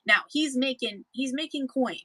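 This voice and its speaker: A woman's voice: sits high, moderate pace, fairly bright tone, slightly rough, no echo, rough recording. A woman from Canada, co-hosting a casual chat about livestream selling, explaining in a rambling, self-correcting way. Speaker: livestream seller and co-host.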